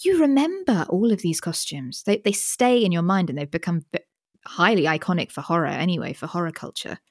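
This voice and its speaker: A woman's voice: fairly low pitch, expressive, brisk, dry recording. A British woman co-hosting a podcast, chatting enthusiastically into a studio mic with a pop filter and often restarting her sentences. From Britain. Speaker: podcast co-host. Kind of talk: casual chat. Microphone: studio microphone with pop filter.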